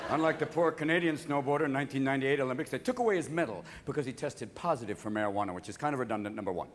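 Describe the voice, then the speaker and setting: A man doing manic, profane stand-up comedy on a theater stage. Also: medium pitch. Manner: manic, profane, rapid shifts of voice. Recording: live theater, audience laughter.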